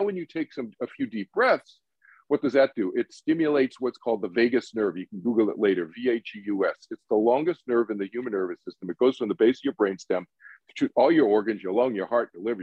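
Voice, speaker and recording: Man, podcast guest, meditation teacher, husky, dry dull recording. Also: medium pitch, no echo. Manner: animated, acts out quotes, asks rhetorical questions. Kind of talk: podcast interview talk.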